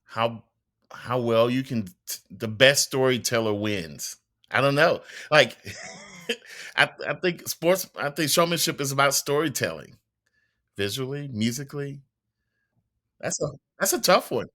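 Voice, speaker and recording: A man's voice: medium pitch, lively intonation, unhurried, pauses often, bright, forceful tone. A man co-hosting a casual podcast, a band educator who often restarts while thinking aloud.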